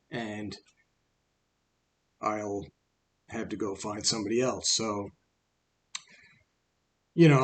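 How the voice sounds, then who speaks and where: A man's voice: mid-range voice, a little hiss or hum, lightly acted. A man casually voicing a grumbling female gout spirit in a retold fable, complaining in a rambling way.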